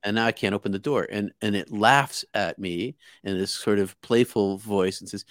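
A man's voice: lowish voice, moderate pace, hardly any pauses, fairly bright tone, no room sound, studio quality. Man from near Boston telling a story. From outside Boston, US. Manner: earnest and vivid, with many repeated words and restarts. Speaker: guest. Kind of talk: casual spoken storytelling.

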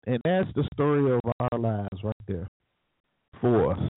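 A man's voice: mid-range voice, lively intonation, a little slow, no echo. Sarcastic talk show man on a tinny line. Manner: sarcastic, preachy, chuckling asides. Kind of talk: opinionated radio talk monologue. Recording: tinny phone-like, dry.

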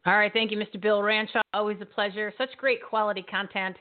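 A woman hosts a live show with enthusiastic, teasing energy. Her voice sits at a mid pitch and comes through a narrow, phone-like line. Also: level tone, quick pace. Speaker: show host. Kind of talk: live show hosting, casual chat.

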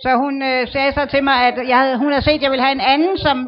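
Woman interpreter, high and very fast, dull recording. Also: steady tone. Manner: rapid, closely echoing delivery. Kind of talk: live sermon interpretation. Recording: dull lo-fi sound.

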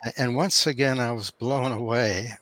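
A man in his seventies, from Canada, with an accent halfway between Canadian and Australian, answering interview questions in a measured, formal way over a video call. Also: mid-range voice, steady tone, fairly bright tone. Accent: mixed Canadian and Australian. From Thunder Bay, Canada. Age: 70s. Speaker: guest author.

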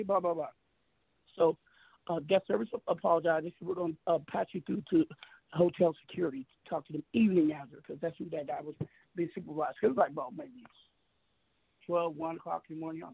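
A man's voice: sits high, gravelly, breathy edge, no room sound, narrow, tinny audio. A man telling a heated story on a talk show, boastful, profane and emphatic.

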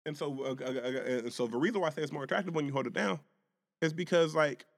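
A man's voice: fairly high pitch, quick pace, gravelly, big-room sound. A man co-hosting a podcast in casual chat, profane and laughing often as he tells stories. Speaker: podcast co-host.

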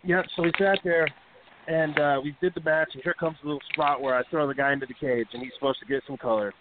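A man's voice: a little high, fairly even intonation, fast talker. A man hosting a wrestling radio show, telling a long profane backstage story in a loose, rambling way full of fillers. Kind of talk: casual storytelling. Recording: tinny phone-line sound with faint hiss.

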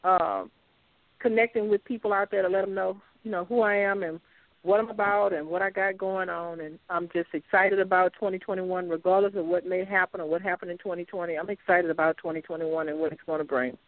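A woman's voice: on the low side, fairly even intonation, a little fast, no room sound. A woman from Louisiana, a radio show guest, chatting easily and often repeating her words. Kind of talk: casual interview chat. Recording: dry, tinny phone line.

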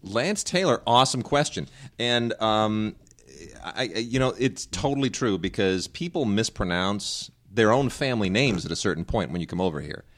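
A male co-host chats casually and spins anecdotes with animation. He doubles up words as he goes and acts out pronunciations. His voice sits on the lower side. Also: moderate pace. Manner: animated storyteller, repeats words, mimics pronunciations. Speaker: podcast co-host. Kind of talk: casual chat.

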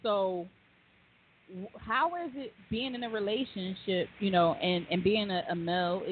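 A woman's voice: mid-range voice, a little slow. A woman hosting a live radio talk show, casual and playful, laughing and teasing her guests. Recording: tinny phone-line sound, faint hiss.

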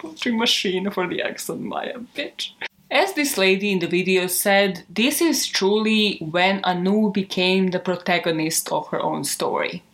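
A woman's voice: medium pitch, measured pace, a bit bright. A young adult woman hosting a true crime show, chatting casually at home in outtakes, rambling and swearing with self-mocking laughs. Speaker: true crime podcast host.

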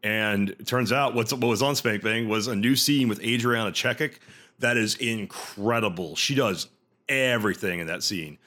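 Wry, crude podcast co-host. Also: male voice, fairly low pitch, bright, forceful tone. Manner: wry, crude, quick corrections. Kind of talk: casual podcast chat.

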